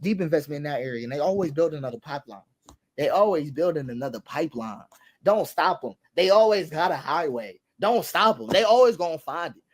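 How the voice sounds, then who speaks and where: Fairly quick and a little high, this animated male voice delivers fervent remarks about society. He leans on repeated phrases and rhetorical questions to make his case, with an occasional laugh.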